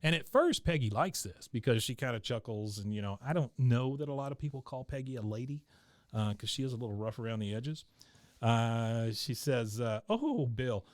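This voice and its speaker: A man's voice: mid-range voice, brisk, dry recording, studio quality. A man hosting a podcast, casually recapping an episode with lots of filler sounds and chuckles. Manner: rambling, many filler sounds, chuckles often. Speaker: podcast host.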